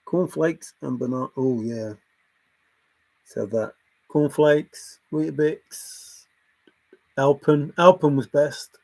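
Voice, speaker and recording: Casting: male streamer, gravelly and husky, loose rambling chat with frequent laughs. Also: a little high, slow pace, pauses often, a little mellow. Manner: chatty, laughs often, wanders between topics. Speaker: livestream host reading chat.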